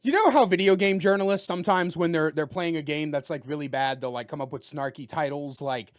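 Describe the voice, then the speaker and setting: A man giving a casual spoken video game review, talking loudly with jokes and animated delivery. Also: fairly high pitch, a little fast. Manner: loud, animated and joking.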